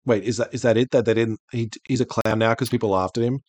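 A man's voice: mid-range voice, fairly even intonation, fast, darkish tone, no room sound. A man co-hosting a podcast in casual chat, talkative, swearing freely and laughing often. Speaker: podcast co-host.

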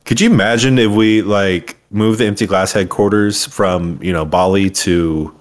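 Young guy cohosting a podcast, sarcastic and jokey, kinda low voice. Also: steady tone, normal speed. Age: 20s. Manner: joking, sarcastic. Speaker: podcast co-host. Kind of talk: casual podcast banter.

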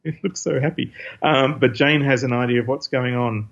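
This comics-reviewing podcast host speaks at a moderate pace in a medium-pitched voice that is creaky and fairly bright, with fairly even intonation. He gives a rambling, casual recap of a comic issue, full of fillers and quotes read aloud, on a dull lo-fi recording.

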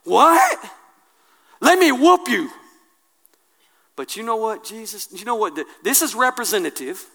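A man preaching a sermon, colloquial and impassioned, swinging from hushed asides to loud declarations. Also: high-pitched.

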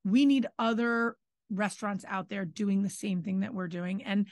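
A woman's voice: mid-range voice, steady tone, normal speed, darkish tone, no echo, studio quality. A woman co-hosting a podcast about running restaurants, speaking conversationally and finishing her partner's sentences. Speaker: podcast co-host, restaurant owner. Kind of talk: casual chat.

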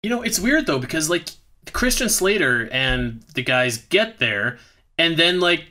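A man's voice: a little high, animated, a little slow, sharp tone. A man co-hosting a podcast, recapping a bad movie in rambling, profane, sarcastic casual chat.

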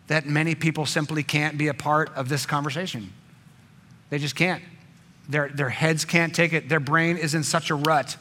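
Bright-voiced preaching man. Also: fairly high pitch. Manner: dynamic, swinging from emphatic to hushed. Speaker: pastor. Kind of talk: sermon.

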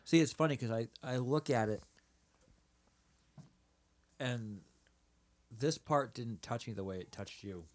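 Calm male podcast co-host. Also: medium pitch, unhurried, pauses often. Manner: calm, agreeing, short replies. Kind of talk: casual discussion of a TV episode.

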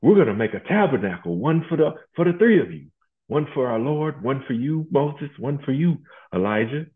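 A man voicing an awestruck, excited male apostle who talks eagerly and high in his voice. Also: normal speed, lightly acted. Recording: tinny phone-like line.

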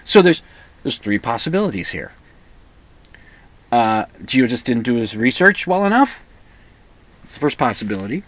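A man's voice: medium pitch, very animated, moderate pace, long pauses, a bit bright, dry recording. A man hosting a solo podcast, rambling and pedantic, often restarting and correcting himself. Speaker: podcast host.

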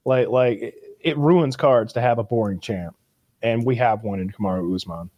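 A man co-hosting a podcast in casual chat, stammering through restarts and doing squeaky impressions when quoting. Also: moderate pace, darkish tone, dry recording. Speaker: podcast co-host.

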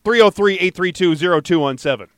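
A man's voice: high-pitched, fast talker, clean tone, dry recording, studio quality. A man hosting a casual podcast, upbeat and chatty, reading out a call-in number and plugging next week's show. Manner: upbeat, chatty, laughs easily. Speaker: podcast host.

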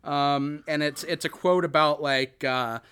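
A man's voice: fairly high pitch, steady tone, measured pace, fairly bright tone, smooth. A man hosting a casual podcast, recapping a movie in a rambling way, full of "you know" and "like". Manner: rambling, filler-heavy, often "you know" and "like". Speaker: podcast host.

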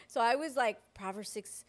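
A woman co-hosting a Christian podcast, telling a personal testimony in a lively way and acting out the voices of the people in her story. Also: a little high, measured pace. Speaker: podcast co-host. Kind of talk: personal faith testimony in casual chat.

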